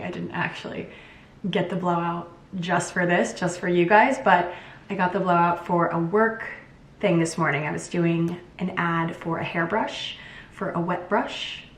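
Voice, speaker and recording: A woman's voice: on the low side, echoey room, distant mic, a little hiss or hum, poor audio. A young woman vlogging casually from her home kitchen, bubbly and chatty, joking as she cooks. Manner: bubbly and chatty, jokes while cooking. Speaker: lifestyle vlogger. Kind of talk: casual vlog chat.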